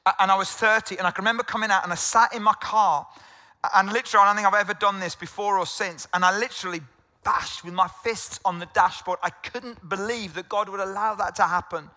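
A man's voice: high voice, steady tone, fast, bright, forceful tone, in a large hall. A man in his fifties from the United Kingdom, a pastor preaching a sermon in an earnest way, often doubling his words as he goes. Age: 50s. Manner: earnest, repeats words when stirred.

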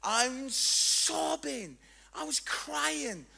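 Brief: bright, high male preacher, middle-aged, comic and animated storyteller. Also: extremely slow, creaky. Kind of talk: humorous sermon. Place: church hall with congregation.

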